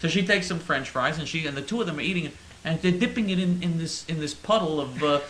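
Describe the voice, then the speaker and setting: A man's voice: fairly high pitch, fast, fairly bright tone, echoey room, slight background noise, rough recording. A male host delivering a sarcastic, rambling satirical monologue, stammering over his words.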